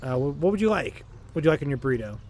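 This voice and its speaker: A man's voice: mid-range voice, very animated, racing, a little mellow. A man acting out a male burrito counter server taking an order in upbeat customer-service patter.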